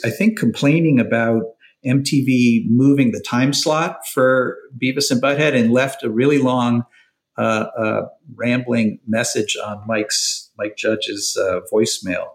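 A middle-aged man chatting as an interview guest, relaxed and halting, often chuckling between thoughts. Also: medium pitch, echoey room, low-quality recording. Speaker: TV writer and producer, guest. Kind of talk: casual interview conversation.

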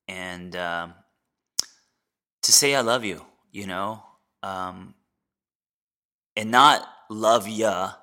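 A man in his forties, a podcast host and therapist, sharing a candid personal story in a reflective, halting way with many fillers and restarts. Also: low-pitched, sharp tone. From United States.

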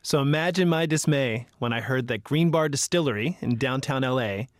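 A man's voice: mid-range voice, moderate pace, dry recording. Playful male radio host, dry sound. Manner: light, playful and chatty. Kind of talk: radio hosting and interviewing.

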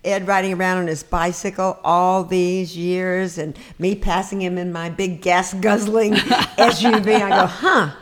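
Woman, Southern accent, guest, chatty, enthusiastic, lowish pitch. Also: little pitch movement, unhurried, hardly any pauses, slight background noise. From Georgia, US. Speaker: guest, actress. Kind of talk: casual chat.

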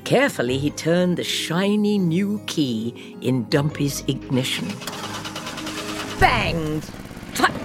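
A woman reads a children's picture book in a slow, lilting storytelling voice. She speaks low and moves through a wide pitch range, voicing playful sound effects. Faint music plays underneath. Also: expressive. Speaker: podcast host reading a picture book. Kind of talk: children's storybook read-aloud.

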